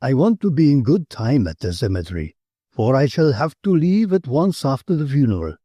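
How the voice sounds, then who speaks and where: A man voicing a quiet, reserved older count who speaks curtly and impatiently. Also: mid-range voice, very animated, moderate pace, husky, no room sound, dull audio. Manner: curt, impatient.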